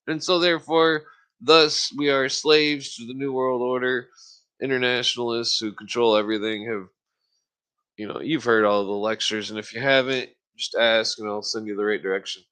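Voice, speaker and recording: A man hosting a podcast, ranting in a casual, profanity-laced monologue and often clearing his throat. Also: medium pitch, steady tone, moderate pace, bright, forceful tone. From United States. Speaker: podcast host. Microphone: podcast microphone.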